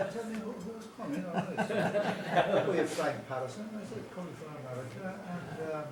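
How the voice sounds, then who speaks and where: A man's voice: fairly high pitch, expressive, fairly quick, few pauses, over a noisy crowd. A man in his fifties with an Irish accent, telling rambling anecdotes at a reunion dinner and laughing at his own stories. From Ireland. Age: 50s. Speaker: reunion speaker. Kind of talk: anecdotal after-dinner storytelling. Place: large function room at a dinner. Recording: roomy hall, distant mic, background noise.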